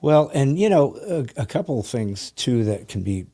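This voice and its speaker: A man's voice: medium pitch, very animated, moderate pace, dark tone. A male podcast host talking in a thoughtful, explaining way. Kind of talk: reflective conversation.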